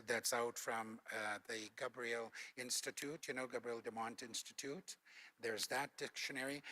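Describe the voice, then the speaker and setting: A man's voice: mid-range voice, bright, forceful tone. An older man from Alberta, a former Cree teacher, explains language points in a panel talk with patient, instructive anecdotes. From Alberta, Canada.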